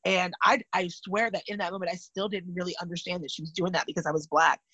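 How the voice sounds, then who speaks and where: A woman's voice: fairly low pitch, fast, husky, dry recording, lo-fi sound. A woman from California, in her thirties, telling personal stories candidly and animatedly in casual chat. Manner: candid, animated retelling with vivid asides.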